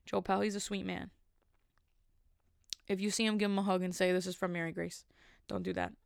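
Smooth-voiced woman telling a rambling story. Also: medium pitch, fairly even intonation, brisk, no room sound, clean studio sound. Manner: rambling, sassy, self-mocking asides. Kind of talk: comic storytelling monologue.

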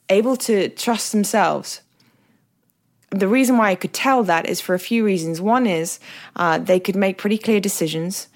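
A woman with an English accent hosting a solo podcast, talking in a candid, reflective way with self-deprecating humour. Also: on the low side. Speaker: podcast host.

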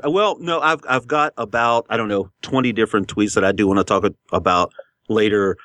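Male podcast co-host, casual and crude, deeper voice, dead-dry studio mic. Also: brisk, a bit bright, no echo. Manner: blunt, swears freely, laughs often. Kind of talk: casual profane chat.

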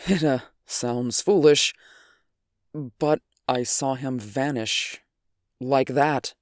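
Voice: medium pitch, steady tone, extremely slow, no room sound, clean studio sound. A reader voicing a nervous, hesitant young man in a story. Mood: uneasy. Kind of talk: audiobook character voice.

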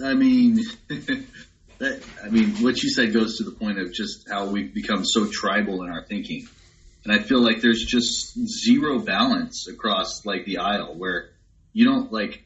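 A man's voice: on the low side, fairly bright tone. Reflective man with a dull, lo-fi sound. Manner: reflective, agreeable, many fillers. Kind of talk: casual conversation.

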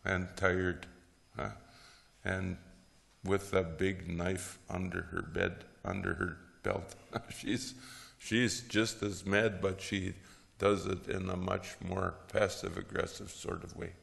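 Man lecturing on preaching, gravelly low voice, slow, echoey hall. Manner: lively storytelling, frequent "huh?" tags and chuckles. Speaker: teacher of preaching. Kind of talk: lecture on preaching with Bible stories.

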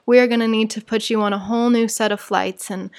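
A woman's voice: a little high, fairly even intonation, fast, natural voice. Woman imitating a folksy gate agent lady. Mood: sympathetic. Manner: folksy, calls people honey.

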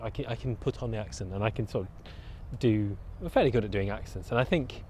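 A man's voice: lowish voice, fairly quick, a little mellow, slight background noise. A middle-aged man from Bolton with a northern English accent, chatting as an interview guest, thoughtful and prone to restarting his sentences. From Bolton, England. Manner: thoughtful, with frequent restarts and self-corrections. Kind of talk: casual conversational interview.

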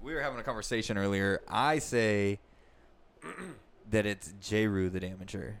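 A man's voice: fairly low pitch, moderate pace, fairly bright tone. A man hosting a casual podcast who talks in a laid-back, profane way. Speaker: host. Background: hip-hop music playing.

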